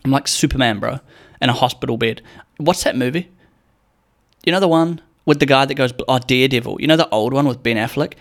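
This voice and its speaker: A man's voice: mid-range voice, a little fast. Man, young adult, solo podcast host, casual, rambling, profane, jokey.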